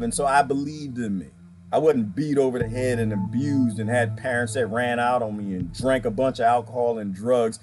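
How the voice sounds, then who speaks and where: A man talking casually on a live stream, answering viewer comments by name, rambling and emphatic and often repeating himself. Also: medium pitch. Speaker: vlogger reading viewer comments.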